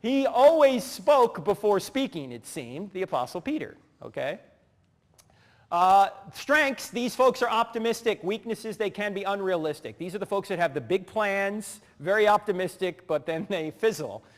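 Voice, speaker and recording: A middle-aged man giving a humorous teaching talk, telling animated stories, acting out voices and laughing as he goes. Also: sits high, normal speed. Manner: animated storyteller who acts out voices and laughs. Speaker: speaker. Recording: long hall reverb.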